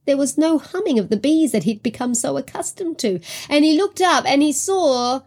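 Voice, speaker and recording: A woman storyteller telling a folk tale to children in an animated, expressive way. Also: high-pitched, normal speed. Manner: animated, expressive, gasping and laughing. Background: guitar music.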